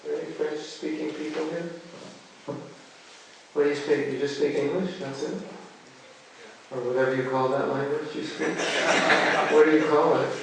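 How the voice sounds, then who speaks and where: A man's voice: on the high side, little pitch movement, normal speed, pauses often, background noise. An American man teaching a spiritual seminar in a casual, joking way, quizzing his listeners as he goes. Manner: chatty, jokes and quizzes the audience. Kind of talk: casual spiritual lecture to a live audience. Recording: echoey room, distant mic.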